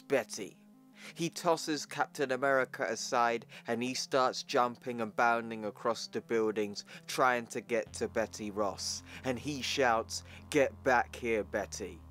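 A man narrates a comic book story in a plain, chatty, mid-pitched voice. Soft music plays quietly underneath.

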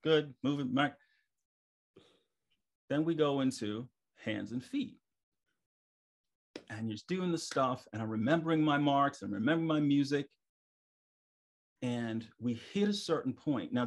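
A middle-aged man, a stage performer guest on a podcast, telling stories in a lively way and acting out his own thoughts. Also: mid-range voice, moderate pace. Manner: animated, acts out his own inner thoughts. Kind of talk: casual storytelling interview.

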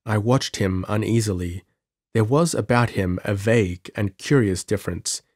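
Low-voiced guy reading an audiobook, slow and dramatic, dry close mic. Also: darkish tone, no room sound. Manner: measured, dramatic storytelling. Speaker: audiobook narrator. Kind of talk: scripted audiobook narration.

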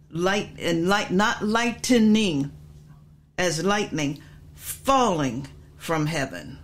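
A woman pastor teaching from scripture in a sermon, stressing points by repeating phrases and checking in with her listeners. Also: mid-range voice. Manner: repetitive, emphatic teaching with frequent asides.

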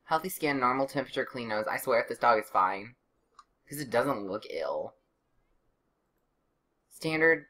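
A woman's voice: extremely low pitch, lively intonation, moderate pace, pauses often, sharp tone. A young woman casually narrating her life-sim gameplay, chatty and sarcastic, with exasperated outbursts. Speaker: let's play gamer.

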